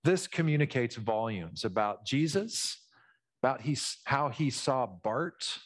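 A man's voice: medium pitch, unhurried. A man preaching a sermon as pastor, explaining scripture in a teacherly way and acting out the people in the story. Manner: animated, teacherly, acts out voices in the story.

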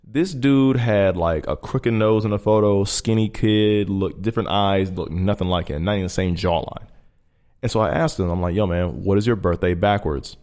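A man's voice: fairly low pitch, normal speed, darkish tone. A tired man, a podcast co-host, telling stories in a loose, profane way and laughing as he goes. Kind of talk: casual storytelling chat.

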